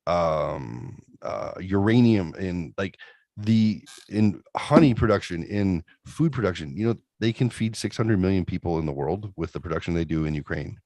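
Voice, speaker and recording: A man with a very deep voice, recorded dry and close. He chats in casual, profane banter and drives his points home by repeating them slowly. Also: lively intonation, darkish tone, no echo. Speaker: podcast co-host.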